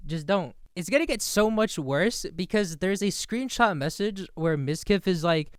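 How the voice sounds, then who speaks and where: Young guy doing drama commentary, blunt and sweary, kinda high smooth voice. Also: animated, moderate pace, few pauses, no echo, studio quality. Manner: blunt, emphatic, swears freely. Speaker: commentary host.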